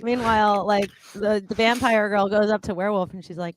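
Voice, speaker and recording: A woman's voice: medium pitch, steady tone, brisk. A woman co-hosting a casual chat show, riffing and acting out silly voices for imagined characters. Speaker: co-host.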